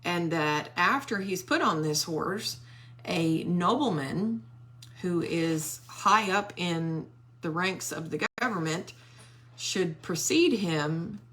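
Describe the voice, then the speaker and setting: Slow-paced woman retelling a Bible story. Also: fairly low pitch. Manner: animated storytelling with quoted character voices. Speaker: Bible study teacher.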